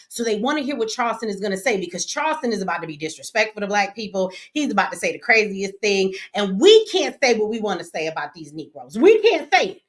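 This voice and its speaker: A woman's voice: mid-range voice, fairly bright tone. A woman hosting a casual livestream, talking in with a brash, joking manner, swearing freely and ribbing her chat. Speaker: livestream host. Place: home studio.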